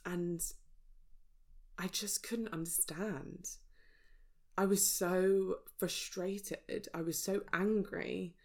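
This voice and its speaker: Woman vlogger, low flat voice with gravel, candid personal storytelling to camera. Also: very slow, pauses often. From England. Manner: raw, reflective, searching. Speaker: spiritual vlogger.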